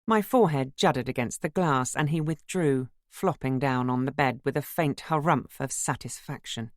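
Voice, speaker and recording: A narrator giving a measured, literary first-person audiobook reading. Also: male voice, medium pitch, dry recording, clean studio sound.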